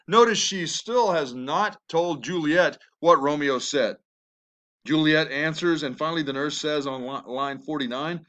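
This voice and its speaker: A man's voice: a little high, moderate pace, a bit bright. A man teaching a lesson on a play, talking in a conversational way with asides and fillers. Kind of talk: recorded lecture.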